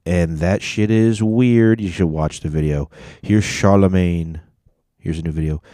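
A man with a low, mellow voice, recorded dry and close. He gives casual reaction commentary in an offhand way, sprinkling in profanity and quick asides. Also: no room sound. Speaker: reaction video host.

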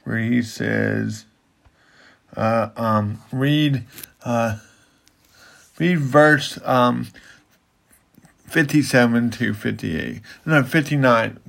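A slow, unhurried man with a gravelly, creaky voice, teaching scripture in casual conversation. He stops and restarts his sentences often, circling toward what he wants to say. He talks things through at an easy pace. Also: medium pitch, fairly bright tone. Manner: halting, repeats himself while building to a point. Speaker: Bible teacher and podcast co-host. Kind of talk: casual Bible teaching chat.

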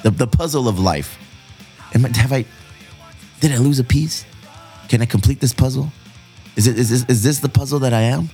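A man's voice: medium pitch, normal speed, long pauses, warm tone. A middle-aged man chatting casually on a podcast, teasing and profane, dropping Spanish phrases. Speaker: podcast co-host. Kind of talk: casual chat. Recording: faint guitar music behind.

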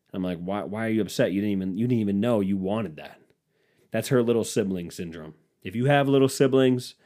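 Dark-voiced man ranting on a podcast. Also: fairly low pitch. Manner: profane, sarcastic ranting with mock quotes. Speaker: podcast host. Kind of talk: casual solo podcast monologue.

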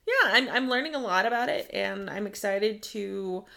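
A woman's voice: mid-range voice, lively intonation, normal speed, vocal fry, sharp tone. A young woman co-hosting a podcast in casual chat, easygoing and agreeable, often giggling. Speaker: podcast co-host.

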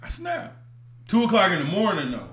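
A man's voice: high-pitched, huge pitch swings, normal speed, reverberant, a crowd in the background. A man joking around in slangy casual banter as a podcast co-host. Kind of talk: casual chat.

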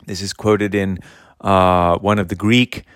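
A man giving an unscripted religious talk, halting and full of fillers and restarts. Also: deep voice, flat delivery, fairly bright tone, smooth, no room sound. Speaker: religious speaker.

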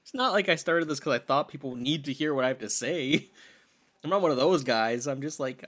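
Lively, bright-voiced man in his thirties. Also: fairly high pitch, a little fast. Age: 30s. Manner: joking, teasing, animated. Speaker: podcast co-host. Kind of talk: casual chat.

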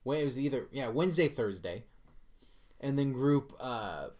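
A man hosting a casual podcast, telling a story with lively acted-out reactions and plenty of swearing. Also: medium pitch, normal speed. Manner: animated storyteller who acts out reactions and swears freely. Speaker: podcast host.

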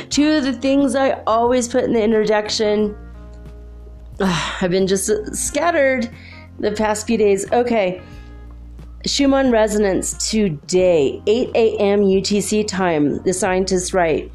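A woman hosts a casual solo podcast at an unhurried, slow pace, talking straight to her listeners. She giggles often between her phrases. Faint music plays behind her. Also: mid-range voice, darkish tone. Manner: chatty, addresses listeners directly. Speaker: podcast host.

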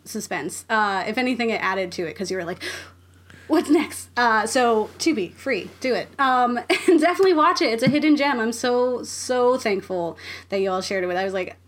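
A woman's voice: a little high, moderate pace. A woman hosting a podcast, chatting casually and laughing often. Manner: giggly, frequent laughter. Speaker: podcast host. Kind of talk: casual chat.

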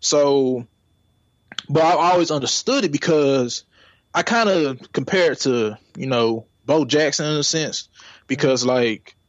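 A man's voice: a little high, unhurried, no room sound, highs cut off. A man chatting casually on a podcast, rambling and often asking if you know what he means. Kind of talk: casual chat.

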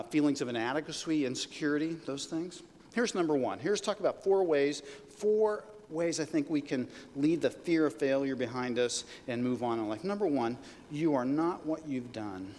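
Joking middle-aged pastor in echoing hall. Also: male voice, mid-range voice. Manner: animated and joking, leads call-and-response. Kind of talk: sermon. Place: church hall. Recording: reverberant hall with faint noise.

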